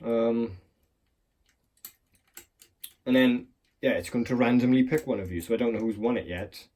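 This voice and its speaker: A mid-range, darkish voice at normal speed belongs to a lock-picking hobbyist demonstrating his craft. He chats loosely, rambling and cursing with self-mockery, while a clamped phone records.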